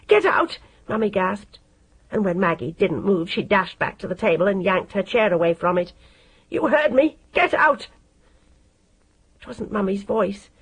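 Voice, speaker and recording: A woman narrating an audiobook in a steady, measured reading style. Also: mid-range voice, breathy edge, low-quality recording. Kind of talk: scripted narration.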